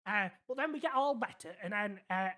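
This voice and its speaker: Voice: mid-range voice, lively intonation, brisk, sharp tone. A streamer playing a naive, rambling young man, telling a long story in character and checking the listener is keeping up. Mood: earnest rambling. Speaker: roleplay character in a city game.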